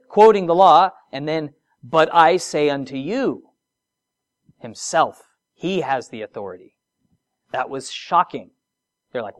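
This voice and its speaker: Lively, expressive preacher. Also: medium pitch. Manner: expressive, shifts between soft, drawn-out phrases and emphatic rises; conversational asides with rhetorical questions. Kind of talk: sermon.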